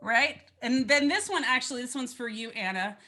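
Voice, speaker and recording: A woman's voice: a little high, lively intonation, moderate pace, loud music behind the voice. A woman teaching fiddle in a casual online lesson, bubbly and chatty with playful asides, heard over a video call.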